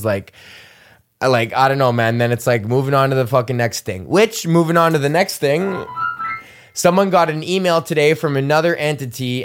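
A young man hosting a podcast, ranting casually and profanely in a rambling, animated way. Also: medium pitch, clean tone. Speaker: podcast host.

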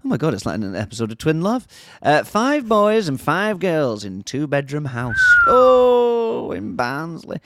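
A man with a Northern English accent, co-hosting a podcast in casual chat, animated and jokey. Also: fairly high pitch, normal speed, hardly any pauses, slight background noise. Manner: animated, jokey, reads news aloud in bursts. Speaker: podcast co-host.

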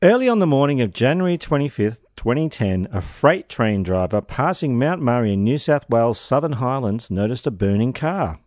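A man's voice: medium pitch, very animated, moderate pace, few pauses, darkish tone, no echo. A man leading a true crime podcast, his voice rising and falling a lot as he tells the case. He drops dry, sardonic jokes between the grim facts. The sound is close and dry, with no room around it. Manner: wry, sardonic asides in a narrated case. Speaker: podcast host.

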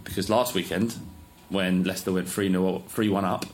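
A man's voice: low voice, fairly even intonation, normal speed. A man co-hosting a casual podcast, blunt and jokey, swearing freely. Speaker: podcast co-host. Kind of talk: casual advice chat.

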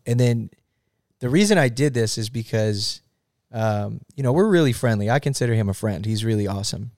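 A man in casual interview chat, an animated storyteller who swears and laughs often. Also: medium pitch, no echo, clean studio sound. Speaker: guest musician.

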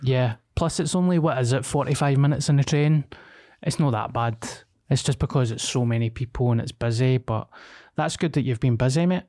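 A man's voice: mid-range voice, brisk, warm tone. Chill glasgow guy co-hosting a podcast, casual and chatty. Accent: Scottish, Glasgow. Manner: laid-back, chatty, swears casually. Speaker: podcast co-host. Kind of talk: casual banter.

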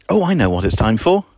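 A man's voice: on the low side, no room sound. Chatty man touring his garden. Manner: chatty, wry, self-deprecating asides. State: slightly out of breath. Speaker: podcast host. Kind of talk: casual gardening walk-through. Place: outdoors in a garden.

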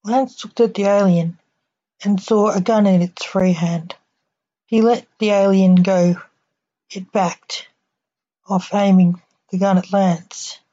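A woman reading a short story aloud in plain, unhurried storytelling, as a podcast storyteller, on a dull lo-fi recording. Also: mid-range voice, fairly even intonation, mellow.

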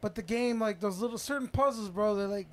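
Profane, animated man telling gaming stories. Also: high voice, fairly quick. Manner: profane, animated storyteller who swears a lot. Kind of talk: casual chat.

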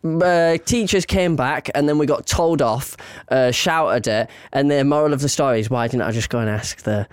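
A young man, co-hosting a podcast, telling childhood stories in an animated, laughing way. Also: mid-range voice, moderate pace, few pauses, clear, resonant tone, no echo, clean studio sound. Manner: animated, laughs often, playful storyteller. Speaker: podcast co-host. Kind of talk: casual storytelling chat.

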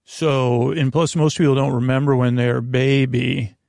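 A man with a gravelly, mid-pitched voice hosts a comic monologue, wandering from thought to thought with fillers and false starts. He stretches quoted phrases into slow, half-sung lines. The recording is dry and close. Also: level tone, a little mellow, no room sound. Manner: halting, full of fillers and restarts, sings quotes slowly. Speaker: comedy podcast host.

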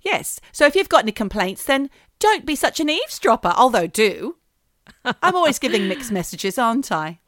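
A woman's voice: on the high side, big pitch swings, moderate pace, a bit bright, dry recording, studio quality. A woman co-hosting a casual podcast chat, playful and punning as she teases her co-host. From Australia.

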